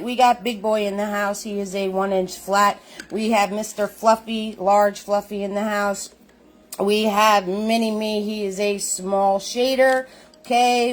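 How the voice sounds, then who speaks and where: A woman hosting a live-streamed painting lesson, upbeat and chatty, who repeats her greetings and calls viewers sweetheart. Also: medium pitch. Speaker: painting class host.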